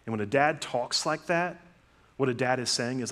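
A middle-aged man preaching a sermon in a relaxed, conversational way, telling family stories and acting out what people say. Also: mid-range voice, brisk. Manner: conversational storytelling with lively acted-out quotes. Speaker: pastor.

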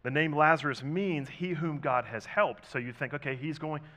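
A male pastor with a fairly high voice preaches a sermon at normal speed. He talks conversationally, posing rhetorical questions and swinging widely between loud and soft.

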